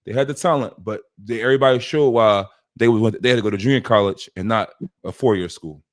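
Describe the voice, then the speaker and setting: Man telling a lively story. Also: on the low side, fast. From West Philadelphia. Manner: acts out quoted dialogue with shifting voices. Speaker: podcast host. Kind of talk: animated storytelling.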